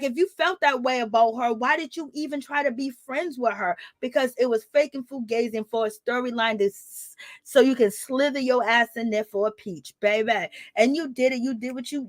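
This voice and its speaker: A woman with a high, bright voice gives casual commentary on a reality show. Her talk is sassy and animated, full of laughter and exclamations. The sound is dry and close. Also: no echo. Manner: animated, sassy, laughs often, says "girl" and "Lord have mercy". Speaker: commentary vlogger.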